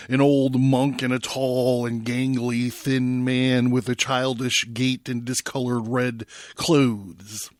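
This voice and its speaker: A man hosting a podcast, reading a book aloud dramatically with swings in loudness. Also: medium pitch, dry recording, clean studio sound.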